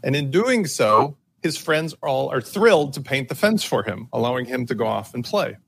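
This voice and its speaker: A man on a tech talk panel making an emphatic case through a story, theatrical and building to loud points. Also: medium pitch, sing-song, moderate pace, vocal fry, a little hiss or hum. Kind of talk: animated opinion talk with storytelling.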